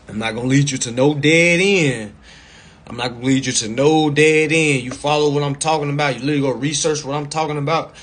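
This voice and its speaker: A man coaching viewers in a casual live stream over a phone mic, blunt and profane, repeating himself and breaking into loud, emphatic bursts. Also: medium pitch, breathy edge.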